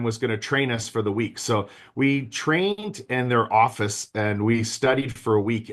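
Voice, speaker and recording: A man's voice: mid-range voice, a bit bright. A man in his fifties giving a virtual business planning seminar, chatty and self-deprecating, talking straight to his audience over a video call mic. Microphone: video call microphone.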